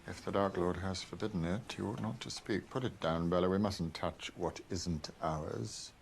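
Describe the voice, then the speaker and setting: A man doing a deep, gravelly Snape. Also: normal speed, a little hiss or hum. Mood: cold. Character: cold, menacing male dark wizard teacher. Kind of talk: fan-made parody skit.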